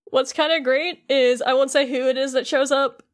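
A young woman with a high voice recaps a game scene by scene for a podcast, dry and wry. Her delivery is casual, with quick deadpan asides between beats. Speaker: podcast co-host.

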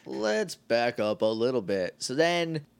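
A man's voice: medium pitch, very animated, takes it slowly, vocal fry, clear, resonant tone. A man co-hosting a podcast, casually recapping a TV episode in a rambling, jokey way. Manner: rambling, jokey, acts out quotes. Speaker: podcast co-host.

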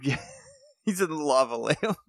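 A man's voice: on the high side, expressive, measured pace, vocal fry, dry recording, clean studio sound. A man co-hosting a podcast, adding joking asides and laughing often as he helps recap an episode. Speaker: podcast co-host. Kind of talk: casual chat recapping a show.

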